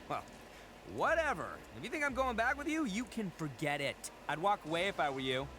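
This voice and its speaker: A cocky young oni gang boss in a video game, loud and blustering, his voice sitting high and swinging wildly up and down. He stumbles over his words when caught in a lie, and a faint hiss sits under the game audio. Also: very animated, normal speed. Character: brash boastful oni gang boss, young adult man.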